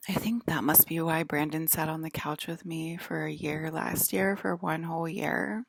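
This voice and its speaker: A woman's voice: low voice, steady tone, normal speed, gravelly, no room sound. A woman in a rambling personal monologue, leaning heavily on "like" as she talks. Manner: rambling, heavy use of "like". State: close to tears.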